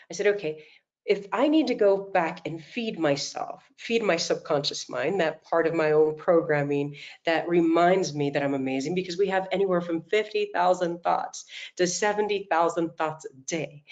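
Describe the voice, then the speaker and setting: A middle-aged woman coach giving an animated motivational talk, telling stories and acting out quotes, over a video call. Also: lowish voice, dull audio. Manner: animated storytelling, acts out quotes.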